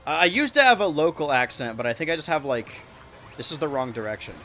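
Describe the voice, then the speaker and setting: A man streaming a kart racing game, rambling and joking to his chat with sudden excited yelps. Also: fairly high pitch, fast, slight background noise. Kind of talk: live-streamed gameplay commentary.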